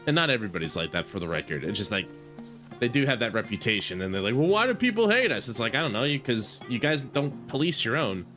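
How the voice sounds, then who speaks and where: A man's voice: fairly low pitch, animated, quick pace, sharp tone. A male game streamer chatting loosely to his viewers, his voice rising and falling a lot as he rambles. He keeps correcting himself mid-sentence and talking straight to chat. Faint guitar music plays under him. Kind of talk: casual gaming stream chat.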